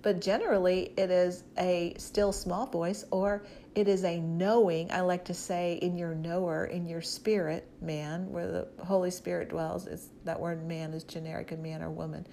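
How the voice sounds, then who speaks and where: A woman's voice: on the low side, little pitch movement, normal speed, creaky, hardly any pauses, warm tone, slight background noise. A woman preacher giving a conversational Bible teaching, talking emphatically and directly to her listeners.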